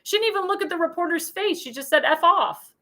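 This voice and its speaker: Woman, commentary host, high bright voice, indignant and emphatic, repeats lines. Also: fast talker. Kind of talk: political commentary show monologue.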